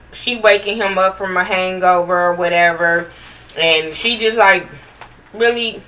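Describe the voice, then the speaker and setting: A woman's voice: lowish voice, fairly bright tone, recorded from a distance, low-quality recording. A woman giving a blunt, profane, sassy recap of a reality TV episode in casual chat, talking straight to the viewers.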